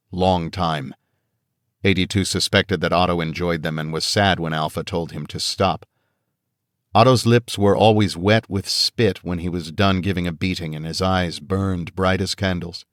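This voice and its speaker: A man with a very low voice narrates a fantasy audiobook from a script, steady and measured. The recording is close and dry, without any room sound.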